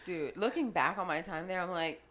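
Woman, low voice, casual co-host, swears freely, animated storyteller. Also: moderate pace. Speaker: podcast co-host.

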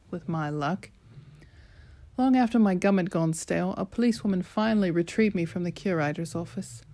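A woman's voice: mid-range voice, warm tone, close to an everyday voice. A woman with a British accent voicing a brash, sarcastic teenage girl narrating her own story, chatty and sarcastic.

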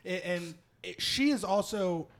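Animated, cursing man telling stories. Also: sits high, a little slow. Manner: animated, profane storyteller. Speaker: podcast host. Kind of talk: casual chat.

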